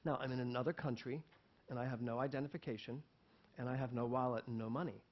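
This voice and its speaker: Speaking fast in a mid-range voice, a male preacher relates a personal story within his sermon, voicing the people involved and chuckling between lines. The recording is dull and lo-fi.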